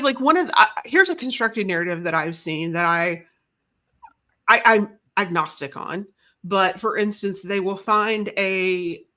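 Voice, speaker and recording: A woman in casual conversation as an interview guest, with a bright, ringing tone at an average pitch. She rambles, restarts her sentences and makes self-deprecating jokes as she thinks aloud.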